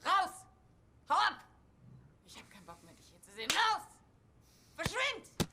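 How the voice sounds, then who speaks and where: A jilted woman in a screaming rage, her voice climbing very high and swinging wildly as she spits orders to get out. The film audio is noisy behind her. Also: big pitch swings, normal speed. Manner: shrieking, spitting angry commands. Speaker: film character.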